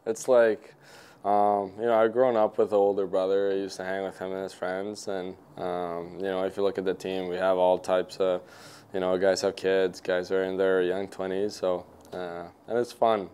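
A man's voice: low-pitched, moderate pace, smooth. A Swedish man in his twenties, speaking English as his second language with a Swedish accent, chatting casually and easily with lots of fillers as a guest. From Sweden. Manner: relaxed, easygoing, many fillers. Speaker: hockey player guest. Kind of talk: casual interview chat.

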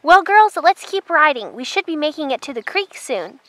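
A woman's voice: sits high, big pitch swings, normal speed, bright, forceful tone, no room sound, full character voice. A woman voicing a patient, matter-of-fact young trail leader in a toy horse drama.

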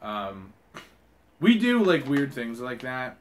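Young male vlogger, mid-pitch, excitable and profane, rambling unboxing chat, faint hiss. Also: slow pace. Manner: excitable, swears a lot, rambling with many fillers. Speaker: vlogger unboxing a fan package. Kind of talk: casual unboxing commentary.

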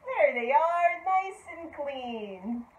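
A woman teaching toddlers, speaking in a slow, exaggerated, encouraging way and repeating simple words for them to copy. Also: high-pitched, sing-song, roomy sound, dull audio. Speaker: preschool teacher. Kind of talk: children's lesson.

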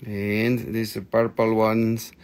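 A man hosting a live rock sale, excitable and jokey, gushing over each piece and chatting to viewers by name. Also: fairly low pitch, takes it slowly. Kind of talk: live selling stream chat.

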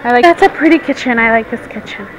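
A young woman with a high voice chats casually as she films herself walking through a big furniture store. She slips back and forth between English and Spanish. A noisy store buzzes behind her on a handheld camera. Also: fast talker. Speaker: vlogger. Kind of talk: casual shopping vlog. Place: large furniture store, indoors.

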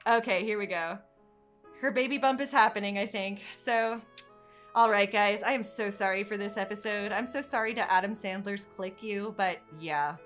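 A woman with a mid-pitched voice chats her way through a let's-play, narrating what happens and turning to loud, panicked dismay when things go wrong. Soft game music plays faintly in the background. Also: moderate pace. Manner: chatty, reacts loudly, swings from calm narration to panicked dismay. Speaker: gaming channel host. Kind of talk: casual let's-play commentary.

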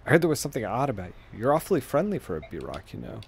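A man's voice: mid-range voice, wildly swooping pitch, racing, creaky, a little hiss or hum. A man voicing a wry, teasing young male cat-beast warrior while reading game dialogue aloud in his own everyday voice. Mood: sly.

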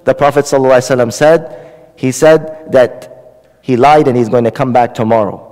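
A man's voice: medium pitch, steady tone, brisk, a little mellow, in a large hall, rough recording. A man preaching a Ramadan night sermon, retelling a story with dialogue. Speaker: Islamic preacher.

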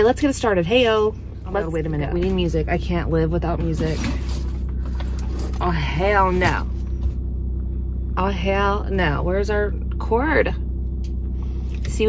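A woman's voice: lowish voice, noisy background. Chatty, blunt woman vlogging her day. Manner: chatty, blunt, swears freely. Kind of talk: casual day-in-my-life vlog.

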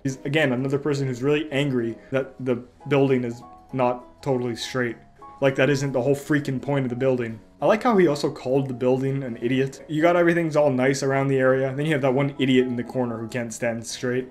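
A young man reads bad reviews aloud and mocks them with dry sarcasm. His voice sits at a middling pitch, with faint music playing underneath. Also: fairly even intonation, fairly quick, darkish tone. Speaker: comedy reviewer. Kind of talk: comedic review reading.

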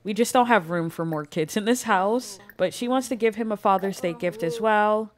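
A woman's voice: medium pitch, normal speed. Young woman, gameplay commentary, chatty, casual, rambling fillers. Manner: chatty, fills talk with "like" and "um". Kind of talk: casual let's-play commentary.

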